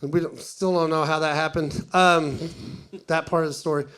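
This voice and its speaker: A middle-aged man from East Tennessee with a Southern accent, doing a stand-up comedy set and acting out tourists in a higher voice. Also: fairly even intonation, moderate pace, a bit bright, smooth. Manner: storytelling, acts out tourists in a higher voice.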